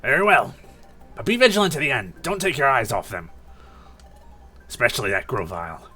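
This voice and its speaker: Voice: medium pitch, very animated, fairly quick, sharp tone, husky, faint music behind, full character voice. A streamer voicing a looming ghostly boss who gives stern, commanding orders. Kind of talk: reading game dialogue aloud.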